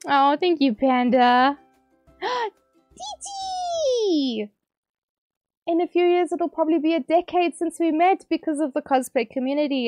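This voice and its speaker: A woman streamer reading out viewer messages on a livestream, teary and emotional, bubbly and quick to laugh. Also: on the high side, darkish tone, dry recording, clean studio sound.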